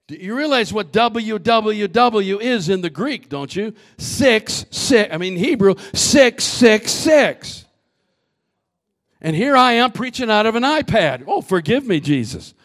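Man, pastor, sermon, high voice, dramatic loud and soft swings, repeated words. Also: lively intonation, a little slow, few pauses. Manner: dramatic swings from shouting to hushed asides; repeats words, stammering restarts.

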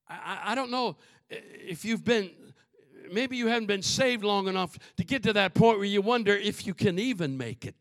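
A man preaching a fervent sermon to his congregation, swinging from booming shouts to soft asides and calling out to the crowd. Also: lively intonation, moderate pace, no room sound, studio quality. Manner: calls out to the congregation.

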